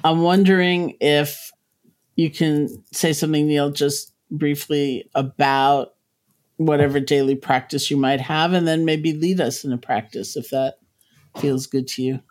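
Slow-speaking woman host. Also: low-pitched, steady tone, a little mellow. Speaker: podcast host. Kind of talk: interview questions.

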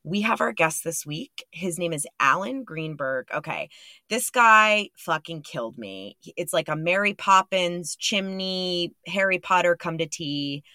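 Young woman podcast host, low voice, rambling self-deprecating chat, dry sound. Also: expressive, unhurried, bright, forceful tone, dry recording. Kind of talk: casual monologue and interview.

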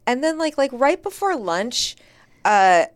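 Animated woman with a smooth voice. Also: on the high side, a little slow. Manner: animated, acts out quoted dialogue, many "like" fillers. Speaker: podcast guest. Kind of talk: casual storytelling.

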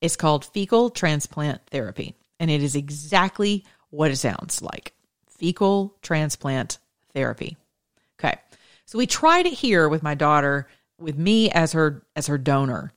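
Low-voiced emphatic woman host. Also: lively intonation, a little slow. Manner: chatty, emphatic storytelling with asides and self-interruptions. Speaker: political commentary host. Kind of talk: casual monologue commentary.

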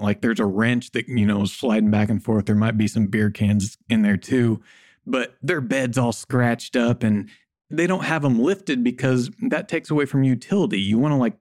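A man's voice: medium pitch, a little mellow, no echo, studio quality. A married man chatting casually in a blunt, joking way, swearing now and then. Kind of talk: casual conversation.

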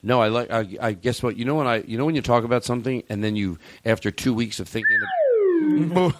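Comedy podcast host, male, lively pitch, jokey showman riffs. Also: a little fast, no room sound. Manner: animated, jokey, swings into mock showman bravado. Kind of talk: casual comedic banter.

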